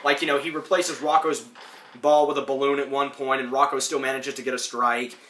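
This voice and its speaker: A man's voice: mid-range voice, flat delivery, fairly quick, bright, forceful tone. A man hosting a podcast, giving a casual, rambling, enthusiastic recap of a cartoon, full of fillers. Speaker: podcast host. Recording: roomy echo.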